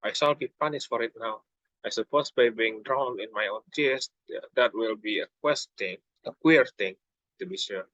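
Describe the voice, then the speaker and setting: A man's voice: on the low side, normal speed, a bit bright, no echo, lo-fi sound. A young man voicing Alice, a polite, chatty little girl, in a storybook reading, stumbling over words.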